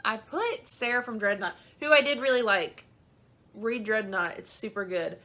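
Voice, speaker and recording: Bright-voiced young woman gushing about books. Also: fairly high pitch, normal speed. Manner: chatty and gushing, full of "um" and "like". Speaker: book vlogger. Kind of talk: casual chat.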